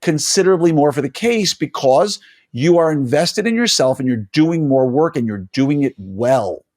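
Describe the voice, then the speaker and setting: A middle-aged man hosts a casual interview, his pitch swinging widely as he lectures and exhorts his listeners. He talks emphatically and rambles with "um" and repeated words. He sounds like a practitioner sharing hard-won opinions with his peers. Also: animated, normal speed, darkish tone. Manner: emphatic and preachy, with many fillers and restarts. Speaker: podcast host and orthodontist.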